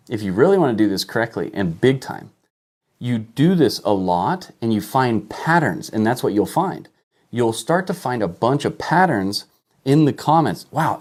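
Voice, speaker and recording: A man's voice: mid-range voice, darkish tone. A man teaching online marketing on a livestream, talking emphatically, asking rhetorical questions and checking in with "okay?" as he points at his screen. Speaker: online business coach. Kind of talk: live-streamed marketing lesson.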